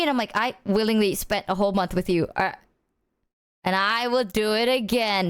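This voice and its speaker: A woman's voice: medium pitch, normal speed, smooth. A woman streamer co-host in casual chat, earnest and reassuring. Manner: earnest, reassuring, laughs between lines.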